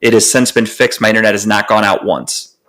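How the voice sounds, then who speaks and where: A young man co-hosting a podcast, telling a long story in casual chat, animated and profane, with lots of fillers. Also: fairly low pitch, brisk. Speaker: podcast co-host.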